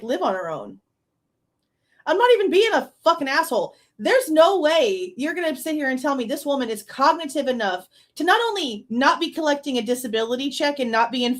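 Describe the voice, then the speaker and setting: A woman streaming true-crime reaction commentary, incredulous and laughing, cursing freely. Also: high voice.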